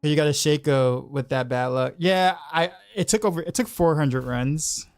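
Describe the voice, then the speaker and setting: A man's voice: on the high side, normal speed, dry recording. A man casually commenting on his game as he streams, rambling and often restarting his sentences. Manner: rambling, repeats words, laughs easily. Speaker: game streamer and music teacher.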